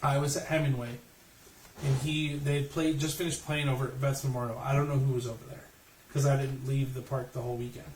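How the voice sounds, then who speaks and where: A man's voice: mid-range voice, little pitch movement, brisk. A man co-hosting a podcast, arguing bluntly and with lots of swearing. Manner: blunt, profane, argumentative. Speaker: podcast co-host. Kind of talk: casual ranting chat. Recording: roomy, distant mic, faint noise.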